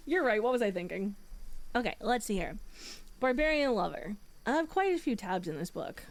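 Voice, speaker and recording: A woman's voice: fairly high pitch, lively intonation, moderate pace. A woman streamer chatting casually with her viewers, swearing freely and laughing often.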